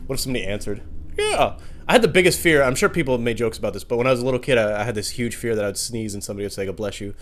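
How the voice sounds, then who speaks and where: A man telling stand-up stories in a loose, rambling way. His pitch moves a lot and he jumps into loud, exaggerated voices for the people in his stories. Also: animated, rapid-fire. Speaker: stand-up comedian. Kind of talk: stand-up comedy.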